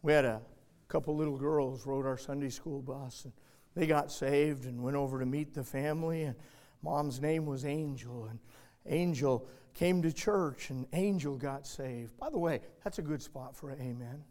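A man preaching and telling a story from the pulpit, swinging between loud urgent moments and quiet hushed ones. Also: mid-range voice, normal speed. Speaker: pastor. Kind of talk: sermon illustration storytelling.

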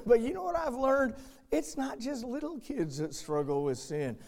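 High-voiced preacher man, storytelling and shouting. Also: lively intonation, moderate pace. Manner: folksy storytelling that rises to loud shouted emphasis. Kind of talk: sermon with personal stories.

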